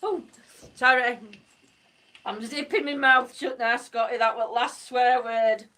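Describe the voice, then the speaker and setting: A woman's voice: on the high side, steady tone, a little slow, bright, forceful tone, distant mic. A woman hosting a casual chat, giggly and crying with laughter, unable to pull herself together. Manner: giggly, keeps dissolving into helpless laughter. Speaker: host.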